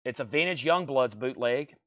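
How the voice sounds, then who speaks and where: A man running a livestream vinyl record auction with a quick, steady patter of grades, prices and bids, coughing now and then from allergies. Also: mid-range voice, dry recording, clean studio sound. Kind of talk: fast live-sale patter.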